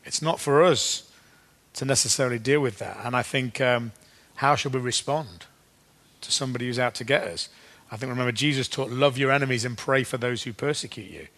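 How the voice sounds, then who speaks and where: A man preaches in a loose, conversational style full of ums and restarts, slowing down when he reads scripture. His voice is middle-pitched and a bit bright.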